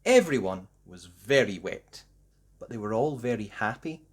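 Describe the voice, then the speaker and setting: A woman reading a children's storybook aloud with slow, expressive, sing-song delivery. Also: extremely low pitch, husky. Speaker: story reader.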